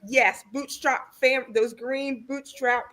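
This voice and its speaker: A woman gardener in a casual chat, telling an excited story. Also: high voice, slow.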